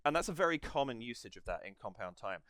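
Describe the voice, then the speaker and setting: A man's voice: mid-range voice, big pitch swings, quick pace, a bit bright, no echo, clean studio sound. A man hosting a reaction video, analysing a song's rhythm in a digressive way and counting and humming beats to explain it. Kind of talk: music analysis commentary.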